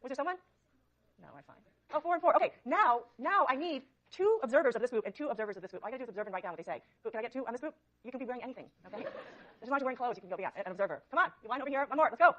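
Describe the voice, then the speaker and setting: A fast-talking woman lecturer with a fairly high voice runs a university psychology class. She coaxes and prods with quick okays. The recording is dull and lo-fi. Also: animated, fairly bright tone. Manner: brisk, coaxing, many okays. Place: large lecture hall.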